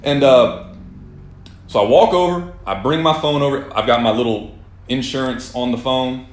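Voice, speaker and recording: Man of medium pitch, exasperated and rambling, swearing freely, casual storytelling, echoey room. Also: moderate pace. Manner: exasperated, rambling, swears often, with frequent restarts. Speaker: vlogger telling a personal story.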